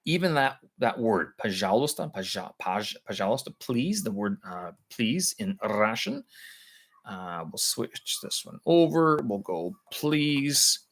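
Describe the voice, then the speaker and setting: Man hosting a casual live stream; low voice, halting, searches for words. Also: big pitch swings, a bit bright. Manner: explains casually to viewers. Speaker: language learner streaming live. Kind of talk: live stream, thinking aloud.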